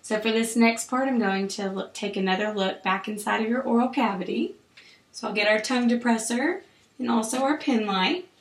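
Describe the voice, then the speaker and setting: A woman clinician calmly guiding a patient through an oral exam, with steady, encouraging instructions. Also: fairly high pitch, moderate pace. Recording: roomy echo.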